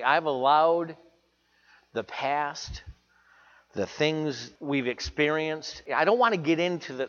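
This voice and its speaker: A man's voice: mid-range voice, a bit bright, long reverb tail, dull audio. A man preaching a sermon to his church, earnest and confessional, repeating phrases for emphasis. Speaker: pastor.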